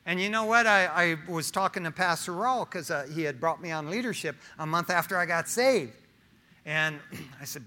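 Man preaching, high voice, bright tone, casual street talk, quizzes the congregation, middle-aged. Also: animated, normal speed. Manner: informal, talks straight to the congregation with questions and slang. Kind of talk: conversational sermon with personal testimony.

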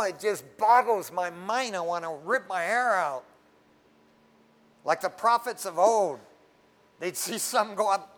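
Middle aged pastor guy, kinda high voice, preaches loud then goes real quiet, casual and fired up. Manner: emphatic, rising to fervent prayer and dropping to hushed tones; conversational, says "man" often. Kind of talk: sermon.

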